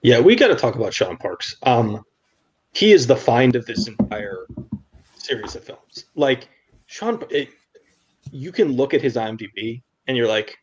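A man's voice: mid-range voice, sing-song, a little slow, husky, muffled recording. A man talking enthusiastically in a casual podcast chat about a film, piling up emphatic phrases. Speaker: podcast co-host or guest.

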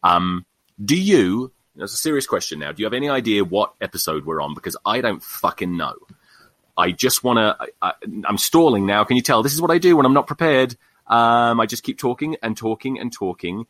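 A man ranting on his solo podcast, cursing freely and mocking himself. His pitch swings widely as he talks. The sound is close and dry, with no room echo. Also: animated, a little fast, fairly bright tone. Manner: profane, exasperated, self-mocking ranting. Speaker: podcast host.

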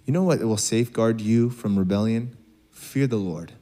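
A man's voice: fairly low pitch, moderate pace, dark tone. Conversational, joking male preacher. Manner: conversational, joking, acts out dialogue. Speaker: pastor. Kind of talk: sermon.

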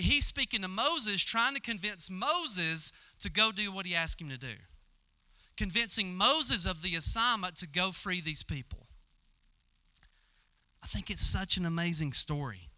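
Bright-voiced man preaching a sermon. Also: sits high. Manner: storytelling, acts out dialogue with stammering fillers. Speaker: pastor. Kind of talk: conversational sermon.

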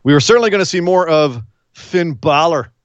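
A man co-hosting a casual wrestling recap, rambling and animated, often acting out what the wrestlers said. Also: on the high side, a little fast, smooth, no echo, highs cut off. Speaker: wrestling podcast co-host.

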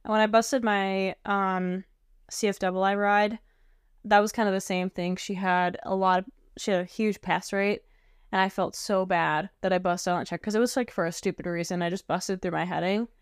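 A woman's voice: medium pitch, steady tone, clear, resonant tone, no room sound, studio quality. A woman co-hosting a podcast about flight training, agreeable and supportive as she shares her own check-ride story. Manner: agreeable, supportive, quick to affirm. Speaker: podcast co-host, flight instructor. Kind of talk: casual chat.

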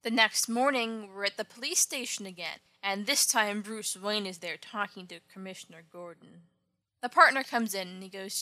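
A woman's voice: medium pitch, moderate pace, bright, forceful tone, dry recording. A woman casually retelling an old comic book story, with wry offhand asides. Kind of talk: casual comic recap narration.

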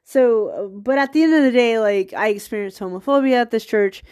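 Her voice is slightly high, darkish and clean, and she speaks a little quickly. Hosting a podcast while stuffy with a cold, she rambles casually, laughs in asides, and coughs from time to time.

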